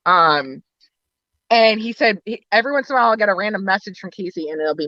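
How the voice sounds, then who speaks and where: A woman's voice: mid-range voice, lively intonation, fast, sharp tone, no room sound, muffled recording. A woman talking about her work as a wrestling booker and valet in a casual podcast interview, a chatty storyteller who laughs often.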